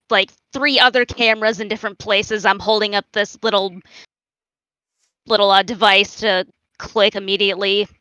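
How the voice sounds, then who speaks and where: A woman taking part as a player in a casual tabletop role-play game, excitable. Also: medium pitch, clean tone, dry recording, poor audio.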